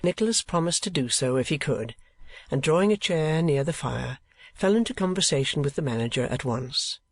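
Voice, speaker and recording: A man narrating an audiobook in a steady, measured reading. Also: a little high, no room sound. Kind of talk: scripted narration.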